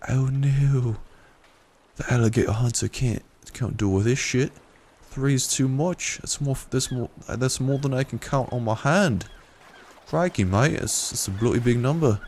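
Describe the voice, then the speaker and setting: A man's voice: mid-range voice, a little slow, a little mellow, pitched above the performer's own voice. A man voicing a brash Australian-style male alligator hunter with a put-on Australian accent during gameplay commentary. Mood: excited. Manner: exclaiming, slangy bushman bravado.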